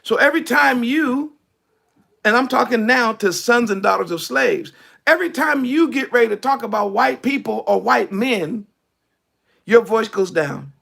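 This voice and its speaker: High gravelly-voiced male preacher. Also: moderate pace, pushed and bright. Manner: conversational preaching, acts out quoted speech, drops his voice low for emphasis. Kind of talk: sermon.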